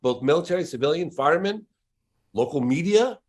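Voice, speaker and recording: A man's voice: fairly high pitch, lively intonation, a little fast. Emphatic male filmmaker guest. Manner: emphatic, insistent, stresses words. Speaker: documentary filmmaker, podcast guest. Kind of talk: casual podcast interview.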